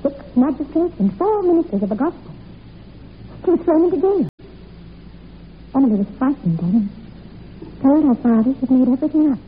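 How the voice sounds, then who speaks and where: A young woman acting in a 1940s radio drama, telling a dark family legend in an intense, breathless way. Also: high-pitched, lively intonation, normal speed, pauses often. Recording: tinny old radio recording with faint hiss.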